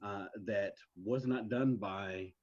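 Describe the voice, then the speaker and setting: A man's voice: lowish voice, fairly even intonation, slow, darkish tone. A man in casual chat, knowledgeable but hesitant with many fillers, on a dull lo-fi recording. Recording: dull lo-fi sound.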